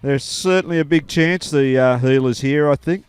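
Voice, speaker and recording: A man's voice: a little high, moderate pace, a little mellow, clear, resonant tone, no echo. A man as co-commentator on a rugby sevens match, chatty and agreeable with joking side remarks. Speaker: sports co-commentator.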